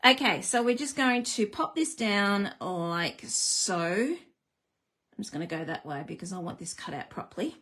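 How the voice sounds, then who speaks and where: Chatty woman hosting a live card-making stream, lower-pitched, teasing herself as she works. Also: animated, moderate pace, fairly bright tone. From Australia. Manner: chatty, self-deprecating, greets viewers. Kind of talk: live craft demonstration.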